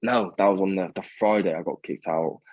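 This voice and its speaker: A young man telling his story as a podcast guest, halting and full of restarts, blunt and sometimes swearing. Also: deep voice, a little mellow, dry recording. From England. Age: young adult. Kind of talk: candid personal storytelling.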